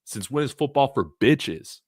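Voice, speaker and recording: A man hosting a college football fan livestream, talking in an excited, brash, trash-talking way. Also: medium pitch, unhurried, no echo, studio quality.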